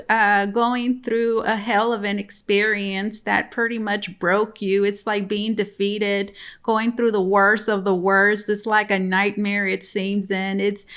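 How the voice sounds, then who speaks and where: A woman with a mid-range, fairly bright voice gives a casual tarot reading to camera from home. As a tarot reader, she's chatty and repetitive, speaking directly to her viewers.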